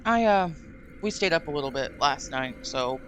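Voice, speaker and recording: Woman streamer, giggly, effusive, very lively pitch, bright voice, faint background noise. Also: normal speed. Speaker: streamer host. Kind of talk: casual live-stream chat.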